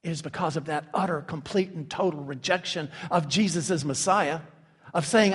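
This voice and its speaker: A fairly high-voiced man preaching in a sanctuary with a long, ringing reverb behind him. He swings between loud, emphatic peaks and quiet, hushed asides. When he quotes figures he slips into sarcastic mock voices. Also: normal speed, husky. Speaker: pastor. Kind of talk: sermon.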